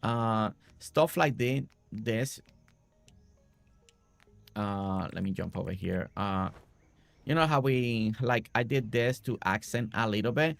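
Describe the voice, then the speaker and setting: A man's voice: medium pitch, vocal fry, dry recording. A man casually talking viewers through his building ideas on a live game stream, rambling with many fillers and restarts.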